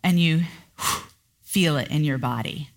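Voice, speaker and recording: A middle-aged woman hosts a solo coaching podcast, talking slowly and deliberately. Her voice sits fairly low. She brings her points to life by playfully acting out inner voices. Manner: animated, acts out inner voices in a high pitch. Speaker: podcast host and business coach.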